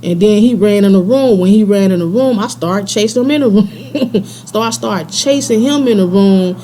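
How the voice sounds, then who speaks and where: A woman spins a personal tale in loose, slangy, laid-back speech, chuckling here and there. Her voice sits mellow and warm, at a middling pitch for a woman. A faint hiss runs under the recording. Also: moderate pace. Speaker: storyteller. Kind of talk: casual personal storytelling.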